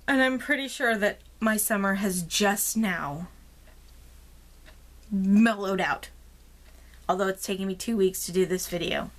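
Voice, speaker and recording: A woman talking straight to her viewers in a relaxed, rambling vlog. Her voice sits at a middle pitch, and she fills the gaps with plenty of ums as she tells her story. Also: slow, long pauses. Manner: chatty storytelling with many fillers; rambling and expressive. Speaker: craft vlogger. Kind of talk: casual chat.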